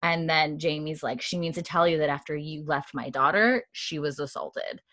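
Retelling a TV episode for a podcast, this woman co-host chats casually and drops into a hushed, lowered voice to quote scenes, with plenty of "like." Her speed is normal, and the studio recording is clean and dry.

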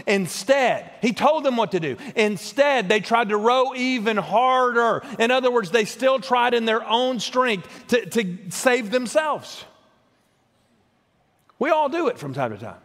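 High-voiced preacher in a reverberant hall. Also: male voice, big pitch swings, measured pace, a bit bright. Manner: emphatic, repeats words when building a point. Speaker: pastor. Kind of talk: sermon.

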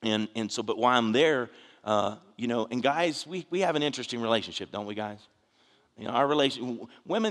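A man's voice: medium pitch, expressive, brisk, fairly bright tone. A male pastor preaching in a church sanctuary, in a mid-range voice that trails off into a long reverb. His sermon is conversational and earnest, full of restarts and asides to the congregation. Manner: earnest storytelling, frequent restarts and "you know".

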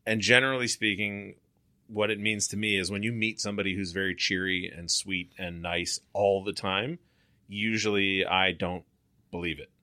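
A man's voice: low-pitched, fairly even intonation, normal speed, bright, forceful tone, dry recording. A man hosting a casual chat, talking in a reflective, wry way. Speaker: host.

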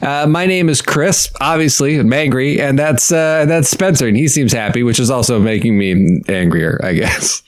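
Speaking at a normal speed with few pauses, this podcast co-host has a medium-pitched voice. He's in his thirties and uses the casual chat to vent, full of fed-up sarcasm and sudden laughs.

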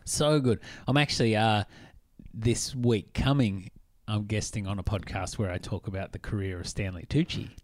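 A man hosting a podcast, chatting casually, enthusiastic, with quick affirmations as he steers the talk. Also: fairly low pitch, no room sound, clean studio sound. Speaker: podcast host. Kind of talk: casual chat.

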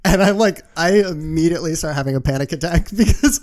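A man's voice: high voice, a little fast, few pauses, darkish tone. A young man co-hosting a podcast, telling rambling stories with frequent laughs and casual swearing. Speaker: podcast co-host. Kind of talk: casual chat.

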